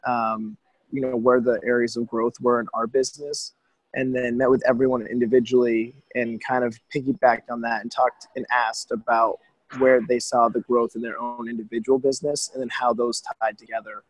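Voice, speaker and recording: A man on a group call with a hoarse voice, rambling casually as he shares how he runs his team. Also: mid-range voice, little pitch movement, moderate pace, no room sound, low-quality recording. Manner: rambling, thinking aloud with fillers. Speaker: caller.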